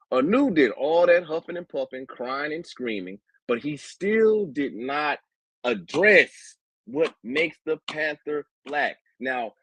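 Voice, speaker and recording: A man's voice: fairly high pitch, a bit bright, slightly rough, no room sound, low-quality recording. A man in a heated online debate, mocking his opponent while lecturing on animal classification.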